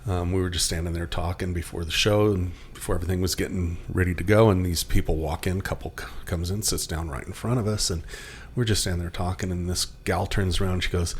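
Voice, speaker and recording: A man's voice: low-pitched, steady tone, quick pace, hardly any pauses, a little hiss or hum. A male paramedic co-hosting a podcast, telling a long story casually with many fillers and restarts.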